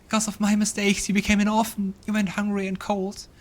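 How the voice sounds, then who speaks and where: A man's voice: sits high, completely flat delivery, a little fast, pitched above the performer's own voice, natural voice. A man voicing a remorseful old grandmother in a dream vision, pleading and tearful.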